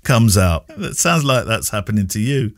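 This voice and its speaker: A man's voice: lowish voice, very animated, moderate pace, no echo, studio quality. A man hosting a podcast, joking with his co-host and reading listener mail aloud. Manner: teasing, laughs often.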